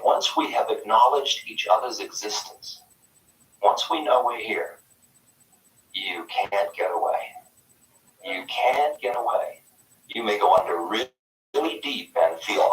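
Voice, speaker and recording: A man giving a live spiritual talk in a conference hall, animated and playful, swinging between loud bursts and soft whispers. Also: medium pitch. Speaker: spiritual teacher. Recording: echoey hall, mic far off.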